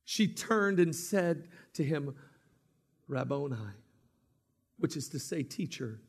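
Preacher guy with a high voice, talks slow, goes big and loud then real quiet. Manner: dramatic swings from booming to hushed; slow, emphatic delivery. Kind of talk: sermon.

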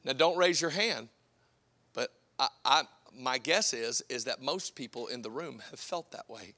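A man preaching a sermon, impassioned, swinging from shouts to hushed, drawn-out phrases. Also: medium pitch, expressive. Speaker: pastor.

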